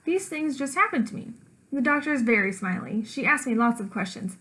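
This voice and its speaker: A woman teacher reading a children's storybook aloud, with lively character voices and dog woofs. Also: high voice, a little fast, rough recording.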